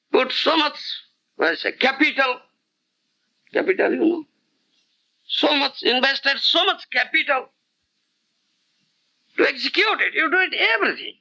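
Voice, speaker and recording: A man's voice: extremely high pitch, creaky, bright, forceful tone. A man giving a devotional lecture, chanting scripture verses and often checking that listeners understand. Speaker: spiritual teacher. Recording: dull lo-fi 1990s lecture tape.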